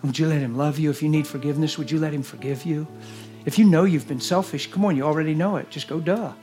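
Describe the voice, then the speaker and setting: A man preaching a sermon and leading prayer, earnest, moving between hushed whispers and loud exclamations. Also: fairly high pitch, fast talker, soft background music. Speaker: guest preacher. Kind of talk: sermon with altar call and prayer. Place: church service.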